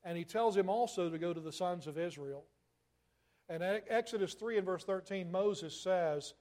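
A man preaching a sermon, asking rhetorical questions and slowing down to stress key phrases. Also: high voice, darkish tone.

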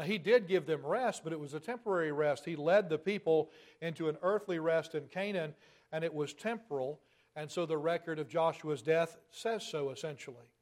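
A man preaching a sermon from the pulpit, measured and emphatic, slowing down to stress key words. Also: on the high side.

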